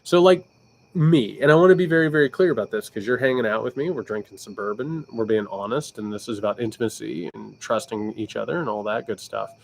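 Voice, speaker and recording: A man's voice: on the low side, brisk, vocal fry, a little hiss or hum. A man with a Southern Indiana accent talking casually on a livestream, loose and candid, often restarting his sentences as he answers viewer questions. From Indiana, United States. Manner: animated, with frequent restarts. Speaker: political commentator livestream host.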